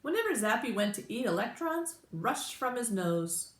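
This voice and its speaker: Brief: impatient little science whiz, as a woman reads her, lively lecturing lilt in a roomy space. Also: a little high, moderate pace, voice pushed up. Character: brisk know-it-all girl scientist. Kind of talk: storybook read-aloud. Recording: roomy echo.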